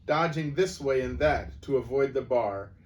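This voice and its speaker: A man's voice: mid-range voice, moderate pace, dull audio. Man reading a storybook aloud. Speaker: storyteller at a church. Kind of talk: reading a children's book aloud. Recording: distant mic with faint background noise.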